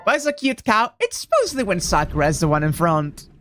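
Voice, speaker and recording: A woman's voice: fairly low pitch, very animated, quick pace, a bit bright, faint music behind. A woman streaming a video game, chatting casually, joking and swearing as she plays. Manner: profane, joking, laughs often. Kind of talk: casual gameplay commentary.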